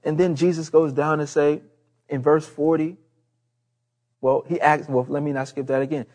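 An earnest male preacher delivering a sermon with a fairly high voice. He speaks emphatically, circles back to repeat his main phrases, and often drops to a quieter, heavier tone. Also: fairly even intonation, moderate pace.

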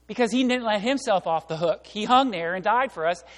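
Delivering his sermon fairly quickly, a high-voiced pastor speaks straight to his congregation with lively energy, performing the quotes and voices of others and laughing along. A long reverb suggests a big sanctuary.

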